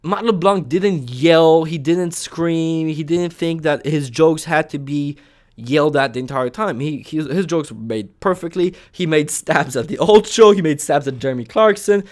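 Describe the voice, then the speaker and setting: A young man giving a casual opinion rant as a vlogger, moving between calm, mumbled stretches and sudden loud, high bursts of yelling, and swearing freely. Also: normal speed. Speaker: vlogger reviewing a TV show.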